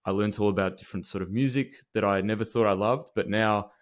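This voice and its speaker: A man hosting a podcast, talking in an earnest, casual way with many halting restarts. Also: fairly low pitch. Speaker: podcast host. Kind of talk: casual interview chat.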